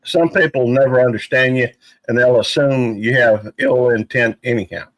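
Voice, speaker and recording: A man's voice: medium pitch, steady tone, normal speed, no echo, poor audio. A man speaking earnestly and emphatically on a casual live panel, with some playful teasing.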